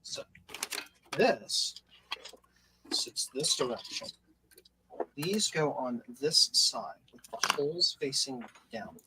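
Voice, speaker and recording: A man's voice: medium pitch, sing-song, slow, pauses often. A man hosting a casual livestream, assembling a clock kit and joking at his own expense while talking through each step. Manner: self-deprecating, muttering steps aloud while working with his hands. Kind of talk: casual group livestream chat. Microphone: video call. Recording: noisy call audio.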